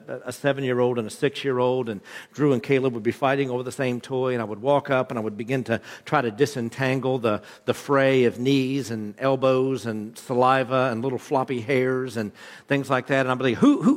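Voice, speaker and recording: A man's voice: medium pitch, big-room sound. A man in his thirties preaching a sermon, a pastor with a conversational, joking storytelling manner. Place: church hall.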